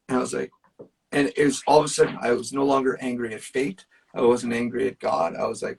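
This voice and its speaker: A man's voice: mid-range voice, steady tone, fast talker, creaky, darkish tone, slightly rough, distant mic. A man, a musician guest, telling personal stories in casual chat, earnest and emphatic, with plenty of fillers. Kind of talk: casual storytelling.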